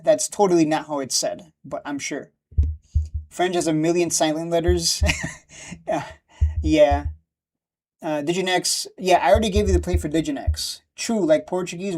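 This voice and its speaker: A man chatting casually on a live stream about stock charts, rambling and quick to laugh or get annoyed. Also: on the high side, darkish tone.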